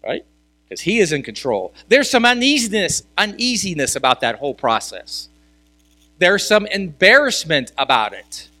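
A man's voice: high-pitched, sing-song, normal speed, pushed and bright, no echo. A male pastor preaching a sermon in a conversational way, asking rhetorical questions and repeating key words for emphasis.

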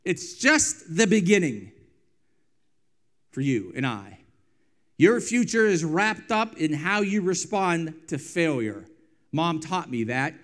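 Impassioned male pastor with a higher voice. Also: big pitch swings. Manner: impassioned preaching that swings between loud emphasis and quiet, hushed lines; drawn-out, emphatic phrasing with repeated refrains. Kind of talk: sermon.

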